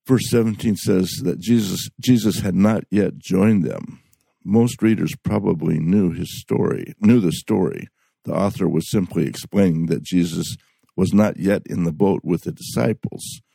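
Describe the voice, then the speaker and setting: A man's voice: low-pitched, normal speed, creaky, warm tone, breathy edge, dry recording. A man giving a Bible study talk, reading scripture aloud with frequent restarts and fillers. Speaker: Bible teacher.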